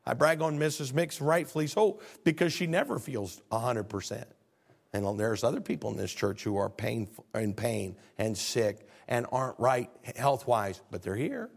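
Male pastor, gravelly voice, storytelling sermon that climbs to fervent highs. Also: moderate pace. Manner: storytelling preacher, rising to fervent peaks.

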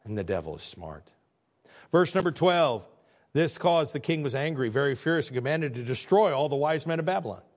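A man preaching a sermon as pastor, in a lively, conversational way, acting out the people he quotes. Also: a little high, fairly quick. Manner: animated, conversational preaching that acts out quoted figures.

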